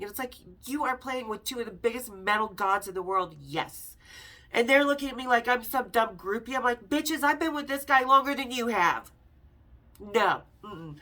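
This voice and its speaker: A woman's voice: a little high, a bit bright, far from the mic. A middle-aged woman hosting a podcast, telling a story in a casual, frank and profane way and acting out the quoted dialogue. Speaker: podcast host.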